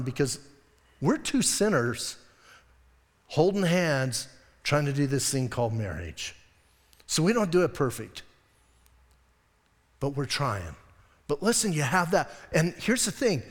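High-voiced joking male pastor. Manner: lively, joking, acts out quoted voices. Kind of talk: sermon. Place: church sanctuary. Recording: long church reverb.

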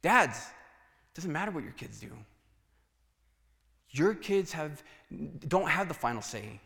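A male pastor preaching a sermon in a church, telling stories and acting out conversations. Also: medium pitch. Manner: animated storytelling, acts out dialogue. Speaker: guest pastor. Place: church sanctuary. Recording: church hall reverb.

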